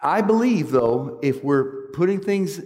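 A man's voice: a little high, lively intonation, a little slow, darkish tone, big-room sound. A man giving an earnest preaching talk, often checking in with his listeners with questions. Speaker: speaker at a church meeting.

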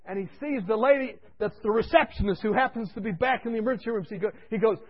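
A male preacher telling a story in his sermon, animated and conversational, dropping to a hush for asides. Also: sits high, fast talker, slightly rough, muffled recording.

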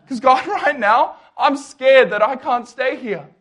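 A young man telling his faith story to an audience, animated and jokey, acting out the lines of the people he quotes. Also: extremely high pitch, measured pace. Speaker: speaker. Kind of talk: testimony talk to an audience.

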